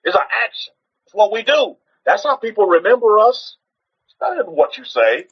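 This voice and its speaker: A man's voice: high-pitched, very animated, normal speed, breathy edge, muffled recording. A man preaching in an informal teaching style on a livestream, exhorting his listeners, repeating rhetorical questions and often restarting his sentences.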